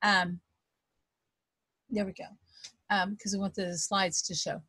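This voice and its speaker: A woman with a Texas accent, a self-described fast talker, teaching an online group in a chatty way with many ums. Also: medium pitch, steady tone, sharp tone, slightly rough, no echo. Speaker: wealth coach leading an online group. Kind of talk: casual webinar teaching.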